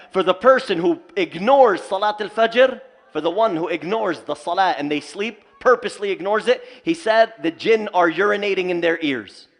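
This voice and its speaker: Brief: male Islamic teacher, fairly high voice, animated, humorous storytelling lecture. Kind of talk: community lecture. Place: mosque community hall.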